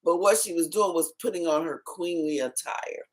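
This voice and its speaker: A woman's voice: on the low side, moderate pace. A woman, the host's aunt, explaining scripture patiently and emphatically in a casual Bible study.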